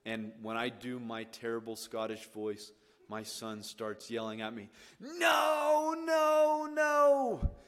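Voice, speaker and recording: A man preaching a sermon as pastor, swinging from hushed lines to loud, emphatic ones. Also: fairly low pitch, monotone, unhurried. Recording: long reverb of a church hall.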